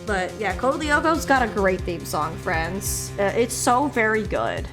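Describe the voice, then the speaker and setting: A woman's voice: mid-range voice, sing-song, measured pace, over music. A woman streamer chatting and rambling playfully while playing through a story game. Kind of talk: gameplay commentary.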